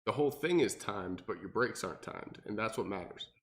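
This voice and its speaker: A young man, a personal trainer, explaining workouts in casual podcast chat and acting out clients in mocking voices. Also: fairly quick. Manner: animated, acts out clients with high mocking voices.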